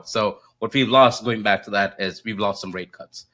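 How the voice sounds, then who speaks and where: A man co-hosting a casual finance podcast, walking through economic data and often checking in with a quick "right?". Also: fairly low pitch, sharp tone. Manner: explanatory, data-heavy, asks rhetorical "right?". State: coughing, slightly choked up. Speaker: co-host, macro strategist. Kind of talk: casual market podcast chat.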